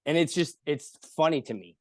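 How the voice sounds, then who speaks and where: Man, casual storytelling, animated, swearing, dry close sound. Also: on the high side, fairly quick, no echo. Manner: animated, swearing, acts out quotes in voices. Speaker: podcast guest.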